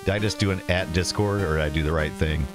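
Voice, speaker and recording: A low-voiced man talks fast over music while running a casual livestream about retro computers, wandering off on tangents, correcting himself, and reading chat messages and game text out loud.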